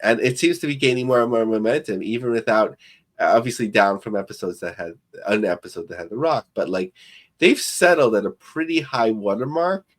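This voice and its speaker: A man's voice: fairly low pitch, brisk. A man co-hosting a podcast, talking through business news in a loose, rambling way with many fillers. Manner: rambling, filler-heavy and thinking aloud. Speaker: podcast co-host. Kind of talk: casual podcast commentary.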